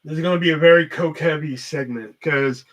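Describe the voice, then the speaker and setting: A man's voice: fairly high pitch, fairly quick, a bit bright. A man hosting a casual livestream chat, rambling and swearing heavily as he talks. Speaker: host.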